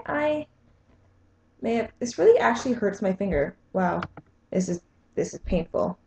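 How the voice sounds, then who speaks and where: A woman's voice: mid-range voice, lively intonation, moderate pace, creaky, pauses often, darkish tone. A young woman in a casual vlog, squeamish and self-mocking as she talks to the camera. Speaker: vlogger. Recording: echoey room.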